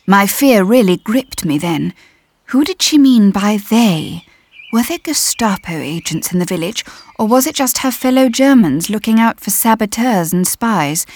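A woman narrating a story in the first person, measured and tense. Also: medium pitch, a little mellow, dry recording. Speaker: audiobook narrator.

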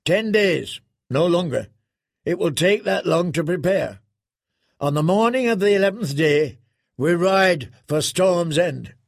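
A man voicing a stern middle-aged exiled lord commander who speaks coldly and deliberately. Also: high-pitched, animated, vocal fry, no room sound, clean studio sound, voice pushed up, exaggerated voice. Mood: commanding.

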